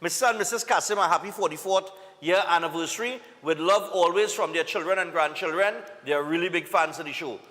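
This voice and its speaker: A Trinidadian man reads viewer greetings on a morning show in a high, bright voice. His casual, upbeat delivery is full of local slang. The studio has a long, ringing reverb. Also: brisk, few pauses. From Trinidad and Tobago. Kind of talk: live TV greetings segment.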